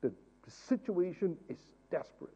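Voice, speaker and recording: A man teaching a Bible study in a sermon style, asking rhetorical questions and moving from hushed asides to loud, fervent exhortation. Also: high-pitched, expressive, moderate pace, husky, lo-fi sound. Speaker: pastor leading Bible study.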